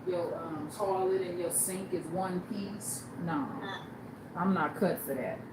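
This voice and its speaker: A woman's voice: lowish voice, takes it slowly. A woman livestreaming, telling stories casually and bluntly, acting out the people she quotes. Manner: blunt, animated storyteller who acts out quoted people. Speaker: livestream host. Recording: echoey room with background noise.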